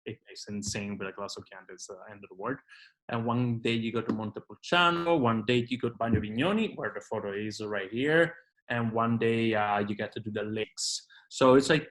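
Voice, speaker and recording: A man's voice: mid-range voice, low-quality recording. A man from Italy with an Italian accent, leading a virtual tour over a video call in an enthusiastic, informal way with lots of fillers. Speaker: tour leader. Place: home in Canada, indoors.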